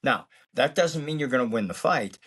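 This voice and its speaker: A martial arts actor and instructor speaks calmly, reflectively and philosophically in a casual interview. His voice is husky and medium-pitched, at a moderate pace.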